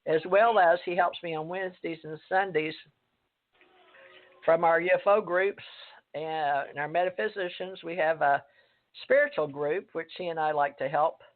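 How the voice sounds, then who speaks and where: A woman hosting a talk radio show, rambling and halting with many fillers. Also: on the low side. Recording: tinny phone line.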